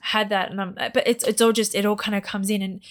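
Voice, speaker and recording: A woman's voice: medium pitch, level tone, a little fast. A pregnant woman co-hosting a podcast, talking in an earnest, rambling, emotional way. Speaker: podcast co-host. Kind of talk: casual chat.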